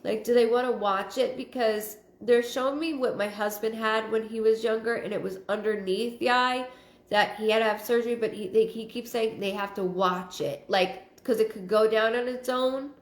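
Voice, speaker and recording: A woman's voice: on the high side, steady tone, moderate pace. Woman medium talking in an echoey room. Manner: fragmented, repeats phrases, thinks aloud. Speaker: psychic medium hosting a live stream. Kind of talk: live-stream readings, reading out viewer comments. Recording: roomy echo.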